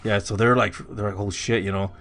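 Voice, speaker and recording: Low-voiced man telling a creepy story. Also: fairly even intonation, a little fast, a bit bright, a little hiss or hum. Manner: rambling, full of "like" and "you know". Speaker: podcast co-host. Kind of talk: casual spooky storytelling.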